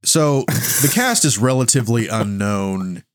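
A man co-hosting a podcast in a relaxed, casual chat, with many loose filler words. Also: on the low side, a little slow, no room sound, studio quality. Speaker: podcast co-host.

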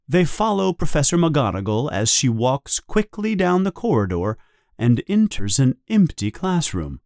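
A man narrating a simplified children's story in a slow, clear read for learners. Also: mid-range voice, big pitch swings, darkish tone, no room sound, clean studio sound.

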